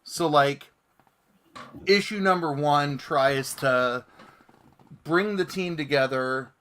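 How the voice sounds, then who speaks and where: Slow-talking man hosting a comics show. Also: on the high side, a little hiss or hum. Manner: relaxed, reads viewer comments aloud. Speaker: podcast host. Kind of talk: casual chat.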